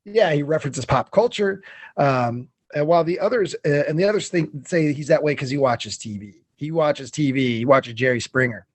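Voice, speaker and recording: A man's voice: fairly high pitch, moderate pace, no room sound. A man co-hosting a podcast, recapping a film scene by scene in loose chat, with lots of fillers and swearing. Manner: swearing, rambling with many fillers.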